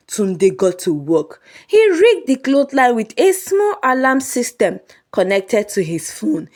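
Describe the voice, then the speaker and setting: A woman narrating a comic folk story in a lively, humorous way. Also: fairly high pitch, a little slow, few pauses.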